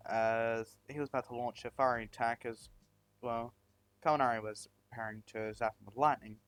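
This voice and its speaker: A man's voice: mid-range voice, steady tone, moderate pace, clear, resonant tone. A man narrating a fan-made story, rambling with many fillers and restarts.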